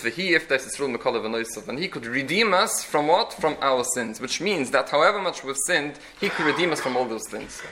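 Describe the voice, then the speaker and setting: Bright-voiced man giving a religious lecture. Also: mid-range voice, slight background noise, poor audio. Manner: earnest, explanatory, frequent restarts. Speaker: Torah teacher.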